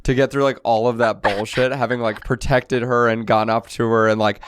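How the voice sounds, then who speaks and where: A man who is a guest comedian on a podcast, chatting casually and reacting with easy, relaxed remarks. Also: mid-range voice, moderate pace, clean tone, dry recording. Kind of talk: casual chat.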